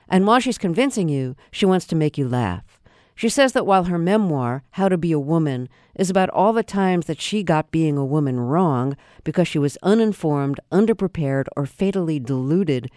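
A woman hosting a public radio interview in a measured, clear, composed way. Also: deep voice, a little mellow, no room sound. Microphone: studio microphone. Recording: dry studio sound.

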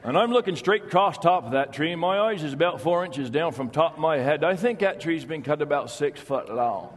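A man performing a deadpan rural logger with a Vermont accent, drawling and plainspoken as he tells a yarn in a live comedy character monologue. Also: a little high, brisk, long reverb tail, crowd noise, close to an everyday voice. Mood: deadpan telling. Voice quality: drawling, plainspoken folksy storyteller. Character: folksy rural male logger, sly and deadpan.

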